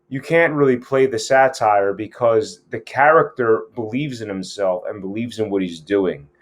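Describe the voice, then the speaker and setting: Frank, profane male acting coach. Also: on the low side. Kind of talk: scene breakdown lesson.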